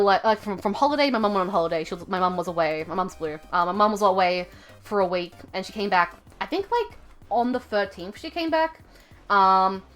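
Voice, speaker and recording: A young woman livestreaming from home, telling a rambling story full of fillers and self-corrections in a chatty, expressive way. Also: medium pitch. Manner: chatty and expressive, laughing at her own story. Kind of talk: casual livestream chat.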